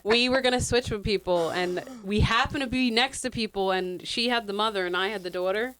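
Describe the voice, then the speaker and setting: A woman's voice: medium pitch, a little fast, fairly bright tone, clean tone, poor audio. A woman co-hosting a podcast in casual chat, adding dry remarks and then telling a travel story plainly. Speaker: podcast co-host.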